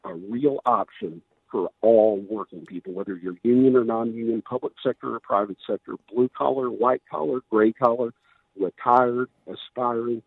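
This candidate for governor has a medium-pitched, creaky, slightly rough voice that's giving out during a radio interview. Speaking at a moderate pace, he pushes his case persuasively and emphatically, with frequent restarts, on a dry, tinny phone line with no echo.

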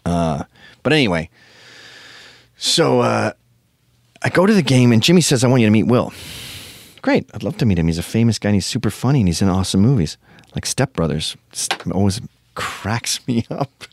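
A man's voice: on the low side, very animated, normal speed, creaky, no room sound, studio quality. A man hosting a podcast, telling a rambling, profane comic story full of tangents. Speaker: podcast host. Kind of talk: casual comedic storytelling.

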